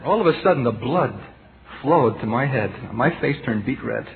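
A man's voice: medium pitch, animated, normal speed. Intense middle-aged male preacher, tinny recording. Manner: intense, emphatic, swings between loud and hushed; rhetorical questions to the congregation. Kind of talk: sermon. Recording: tinny lo-fi tape with faint hiss.

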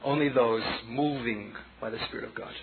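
With a Brooklyn accent and a creaky, medium-pitched voice, a man delivers a sermon a little fast, telling a dramatic story and sinking from loud to quiet as he speaks to the congregation as children. The tinny, phone-quality audio carries crowd noise from the audience.

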